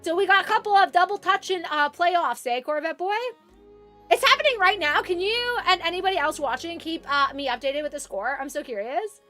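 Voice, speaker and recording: A woman's voice: very high voice, animated, fairly quick, sharp tone, soft background music. A young woman from Canada, chatting casually with viewers on a live stream, full of fillers and restarts.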